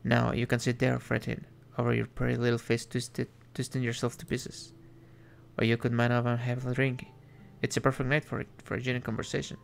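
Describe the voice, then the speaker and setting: A man putting on a gravelly smoky devil. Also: monotone, a little hiss or hum, natural voice. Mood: gruff. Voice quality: low and gravelly. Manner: slow, crude, drawling. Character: gruff smoky male devil on a train.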